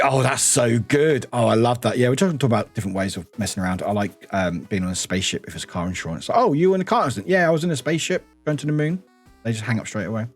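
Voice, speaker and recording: A man from the UK, streaming and chatting casually, reading chat aloud, lively and swearing freely. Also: medium pitch. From United Kingdom.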